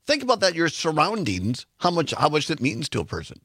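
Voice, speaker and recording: Laughing high-voiced male radio host. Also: wildly swooping pitch, a little fast, a bit bright, breathy edge, no room sound, clean studio sound. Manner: jokey, laughs often, many "I mean" fillers. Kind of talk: casual radio talk.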